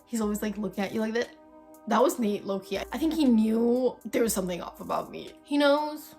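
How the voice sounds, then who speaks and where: A woman's voice: mid-range voice, brisk, vocal fry, warm tone. A young woman vlogger telling a story in casual, dramatic chat, swearing freely. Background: faint background music.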